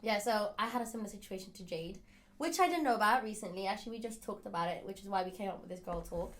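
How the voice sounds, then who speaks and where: A young woman who grew up in Ireland, chatting casually and telling an animated story about her family. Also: mid-range voice, quick pace. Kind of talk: casual chat.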